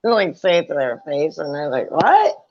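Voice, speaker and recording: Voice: mid-range voice, a little fast, lo-fi sound. A speaker in a casual chat who reacts often, swears freely and laughs easily.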